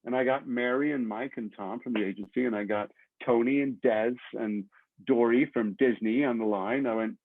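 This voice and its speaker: A man from England, an actor guest telling stories in a casual, lively way and slipping into the voices of the people in them. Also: medium pitch, moderate pace. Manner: lively raconteur who acts out the other people in his stories. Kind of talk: casual anecdote storytelling. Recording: dry, phone-like narrow audio.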